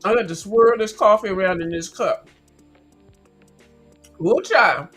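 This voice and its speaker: Woman host, mid-range voice, loud crunchy snacking chat, teasing and foul-mouthed. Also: mid-range voice, a little slow, long pauses, faint music behind, low-quality recording. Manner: sassy, blunt, cusses freely, chews loudly into the mic. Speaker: livestream host. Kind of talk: casual chat while snacking.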